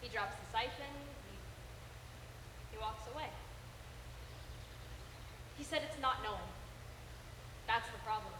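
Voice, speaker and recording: Teen girl playing a slow, halting survivor storyteller. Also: fairly high pitch. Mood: hushed. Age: teens. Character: Maria, young woman survivor telling a story. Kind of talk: stage play acting. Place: school auditorium stage. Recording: echoey auditorium from far off, noise.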